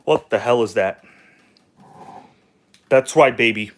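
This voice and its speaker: A man's voice: medium pitch, slow pace, long pauses. A man hosting a casual hobby livestream from home, talking loosely and joking with viewers. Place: at home, kitchen table.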